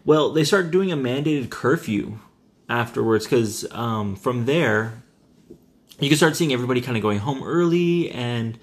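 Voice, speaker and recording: A man's voice: medium pitch, expressive, normal speed. A man from Texas in casual podcast chat about a film, laid-back and hesitant, with many fillers. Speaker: podcast co-host. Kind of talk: casual movie recap chat.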